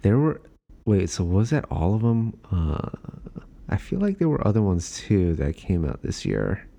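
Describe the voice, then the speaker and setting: A man's voice: fairly low pitch, wildly swooping pitch, measured pace, gravelly, dark tone. A young man hosting a podcast, chatting casually with plenty of fillers. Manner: laid-back, chatty with many fillers. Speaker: podcast host. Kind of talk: casual chat.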